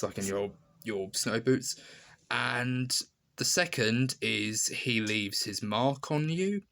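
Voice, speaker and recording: A man's voice: lowish voice, fairly bright tone. A man giving a casual spoken review, rambling with lots of ums, restarts and laughing asides. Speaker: film reviewer.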